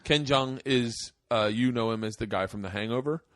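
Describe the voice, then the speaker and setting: A man's voice: mid-range voice, normal speed, dry recording, clean studio sound. A man in his forties hosting a podcast, telling profane stories in casual chat. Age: 40s. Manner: animated, profane storyteller. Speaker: podcast host.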